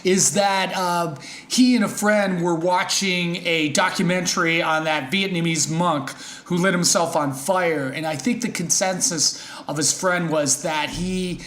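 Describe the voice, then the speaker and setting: A man's voice: high-pitched, fairly even intonation, measured pace, few pauses, a bit bright, roomy sound. A man hosting a comedy podcast in a loose, hesitant, joking way. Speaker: podcast host. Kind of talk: casual chat.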